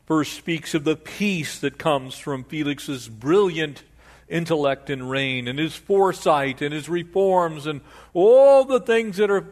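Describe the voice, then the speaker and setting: An older man preaching an expository sermon in an animated, conversational way, often restarting his sentences. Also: on the high side. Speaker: pastor.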